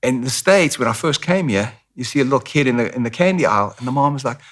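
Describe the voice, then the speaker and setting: Candid and storytelling, a middle-aged man with a South African accent acts out others' voices during a casual interview. His medium-pitched voice is a bit bright, quick-paced and lively in intonation.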